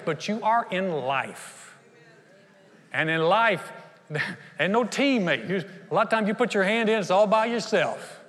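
A male pastor preaching a sermon in an animated way. He acts out quotes and often laughs. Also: sits high, unhurried, in a large hall.

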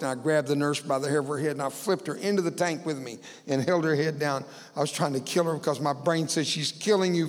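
A man's voice: on the high side, creaky, long reverb tail. A man telling a personal story as a guest speaker in a church, acting out voices with humorous asides. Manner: dramatic storyteller, acts out dialogue, humorous asides. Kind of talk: storytelling sermon.

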